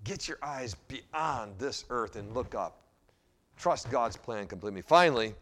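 A male pastor preaches and tells a story in an animated way, with a mid-pitched voice. His loudness rises and drops as he talks. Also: normal speed. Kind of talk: sermon with storytelling.

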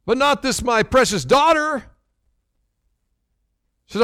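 A man's voice: high voice, expressive, normal speed, pauses often, a bit bright, clear, resonant tone, no room sound, clean studio sound. An older man preaching a sermon as pastor, earnest and repeating phrases for emphasis.

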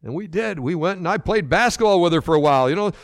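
A man's voice: high-pitched, expressive, fast, dry recording, clean studio sound. An older man preaching a sermon as pastor, earnest and repeating phrases for emphasis.

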